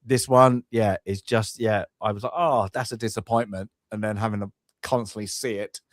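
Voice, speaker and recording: Male podcast co-host, animated and exasperated, halting delivery full of restarts, dry recording. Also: lowish voice, no echo. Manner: halting, restarts and repeats words while ranting. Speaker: film review podcast co-host. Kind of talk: casual chat.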